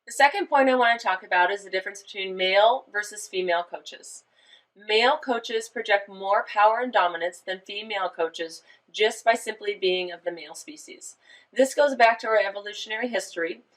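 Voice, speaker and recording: A woman's voice: medium pitch, fairly quick, a bit bright, poor audio. A woman volleyball coach explaining a lesson in an instructional style, emphatic and full of rhetorical questions. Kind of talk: instructional presentation.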